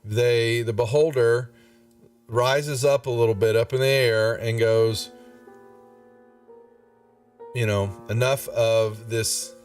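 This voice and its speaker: Slow, laid-back man running a tabletop game. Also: medium pitch, steady tone. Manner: laid-back, rambling narration with many fillers. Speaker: game master. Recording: distant mic, faint music behind.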